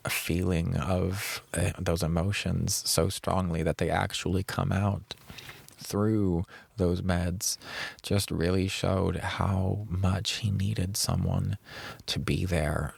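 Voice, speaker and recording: Low creaky-voiced man telling a heartfelt story. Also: little pitch movement, takes it slowly, no echo. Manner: earnest and reflective, drawing out key words. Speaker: podcast host. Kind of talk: personal storytelling podcast.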